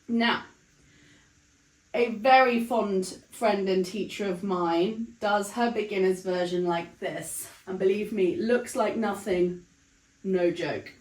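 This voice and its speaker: A woman leading a Pilates class, calmly talking through the moves while she demonstrates them. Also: mid-range voice, takes it slowly, echoey room, low-quality recording. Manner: calm counting of breaths while demonstrating. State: breathless, counts fading to breathy whispers during exertion. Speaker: Pilates instructor. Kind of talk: guided exercise instruction.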